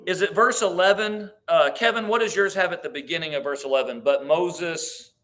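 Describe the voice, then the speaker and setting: A man's voice: high-pitched, quick pace, a bit bright. A man teaching a church Bible class, thinking aloud with restarts, reading verses and asking the group questions. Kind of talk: conversational Bible study teaching.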